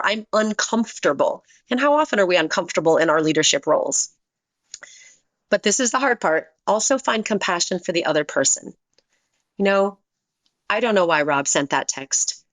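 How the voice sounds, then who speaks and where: A middle-aged woman, a guest on a podcast, telling a personal story in an earnest way and shifting her pitch when she quotes other people. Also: a bit bright, no room sound. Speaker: guest, business leader and author.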